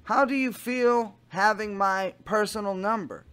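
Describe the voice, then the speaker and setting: A man playing a smarmy adult man sweet-talking online, with a slow, doting, syrupy delivery. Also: high-pitched, fairly bright tone, clean tone.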